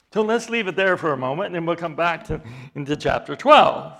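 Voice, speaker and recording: A man preaching a sermon, reading scripture aloud with dramatic emphasis and explaining it slowly and deliberately, his intensity rising as he goes. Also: on the high side, lively intonation, vocal fry, fairly bright tone. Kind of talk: expository sermon.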